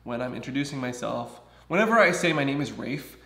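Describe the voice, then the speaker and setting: A man's voice: medium pitch, animated, brisk, fairly bright tone, roomy sound. A man in his thirties from Southern California, talking candidly in a casual personal vlog and acting out what other people said to him. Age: 30s. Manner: chatty, candid, acts out other people's lines. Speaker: vlogger.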